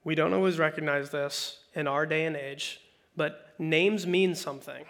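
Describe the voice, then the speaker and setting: A male pastor preaching a conversational, animated sermon, reading scripture and acting out quotes. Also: a little high, moderate pace.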